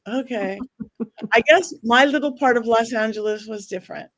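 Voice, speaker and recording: A woman's voice: fairly high pitch, measured pace, fairly bright tone. Rambling woman hosting a chat. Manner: hesitant, full of restarts and fillers. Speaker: podcast host. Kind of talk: casual panel chat.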